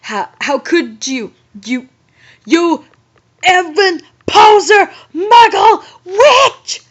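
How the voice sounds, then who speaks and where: A woman voicing an angry teenage boy wizard who shouts while crying, reading it aloud from a story. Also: high-pitched, lively intonation, slow, heavily acted. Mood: tearful rage. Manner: shrieking, tearful outburst. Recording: muffled lo-fi audio.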